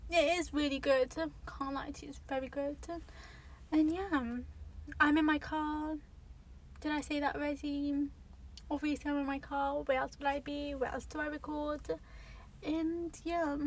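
Her voice is high-pitched with little pitch movement, and she takes her time. A young woman podcasting solo from a parked car near an airport, she rambles casually with plenty of fillers and self-corrections; the recording is low quality, with faint airplane noise.

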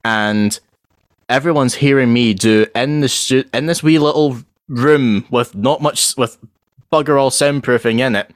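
A young man co-hosting a casual chat, telling lively stories and acting out voices. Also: medium pitch, measured pace, dry recording, studio quality. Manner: animated storyteller who acts out voices and yells. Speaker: podcast co-host.

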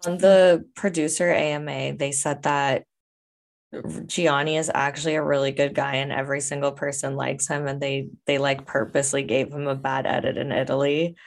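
A woman joins a podcast as a guest and speaks casually, often hesitant and keeping her answers short. Her voice is notably low for a woman. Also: level tone, moderate pace. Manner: hesitant, brief replies. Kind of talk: casual chat.

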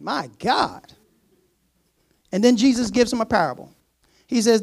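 A man preaching a sermon. He reads scripture aloud, breaks off with laughing asides, and acts out the servant's words in a low, casual voice. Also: lively intonation, measured pace, vocal fry, pauses often.

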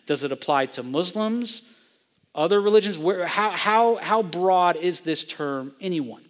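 A young male pastor preaches an expository sermon to students, his voice sitting a little high for a man. He teaches step by step and turns to ask the listeners questions. The sound rings out with long reverb, as in a church hall. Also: expressive, a little slow. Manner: teacherly, asks the audience questions.

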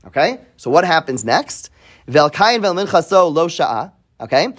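A man's voice: a little high, sing-song, normal speed, fairly bright tone. A man teaching a weekly Bible class to students in a classroom. He reads Hebrew verses and translates them, asks questions, often adds "right?", and repeats words as he thinks aloud. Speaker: Torah teacher.

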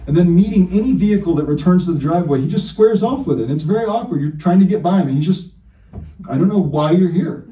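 A man's voice: sits high, expressive, rapid-fire, warm tone, distant mic, lo-fi sound. Earnest man preaching in an echoey church. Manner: earnest, emphatic preaching with rhetorical questions. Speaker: pastor. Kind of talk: sermon.

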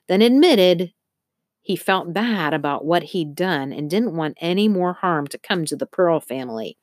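Woman narrator, low voice, dry close sound, steady reading. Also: no room sound. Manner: steady storytelling, occasional slips. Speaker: audiobook narrator. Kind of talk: scripted narration.

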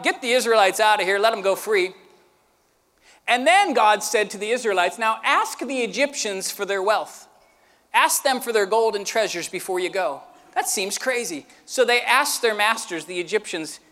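A man preaching a sermon as pastor, earnest and shifting between quiet, tender stretches and emphatic, rising ones. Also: high-pitched, in a large hall.

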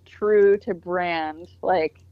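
A woman hosting a podcast, chatting in a relaxed, hesitant way with lots of fillers. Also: on the low side, very slow, clean tone, no echo. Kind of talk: casual podcast chat. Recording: dull dry lo-fi sound.

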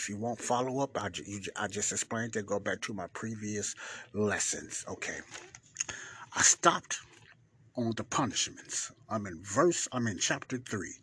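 Husky, low-voiced man hosting a Bible-study podcast. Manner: chatty and informal, rambling with restarts and loud greetings. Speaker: podcast host, Bible teacher.

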